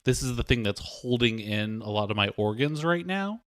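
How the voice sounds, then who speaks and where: A man's voice: medium pitch, expressive, moderate pace, a bit bright, clean tone. A man who produces a podcast, bantering in a wry, joking way.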